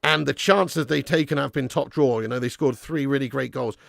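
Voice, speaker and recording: A man hosting a live football watch-along, commentating excitedly and chatting casually with viewers in the comments. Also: mid-range voice, a little fast, gravelly, dry recording. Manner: excitable, jumps up at big moments. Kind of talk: live match commentary reading chat.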